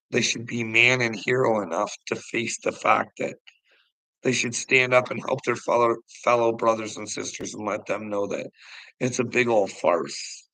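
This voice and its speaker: Gravelly, heated middle-aged man ranting. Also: medium pitch, bright, forceful tone, no room sound, low-quality recording. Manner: heated, profane, laughs often. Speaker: livestream host talking to chat. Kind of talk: casual livestream rant.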